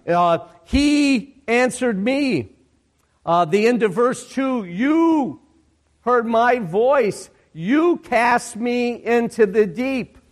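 A man's voice: extremely high pitch, expressive. A male pastor preaching a sermon, reading scripture aloud and repeating key phrases for emphasis. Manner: slow, deliberate reading of scripture with emphatic repetition.

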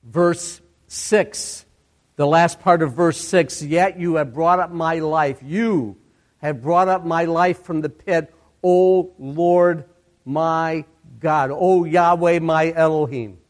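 Slow, high-voiced male preacher. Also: steady tone. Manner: slow, deliberate reading of scripture with emphatic repetition. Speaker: pastor. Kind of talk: sermon.

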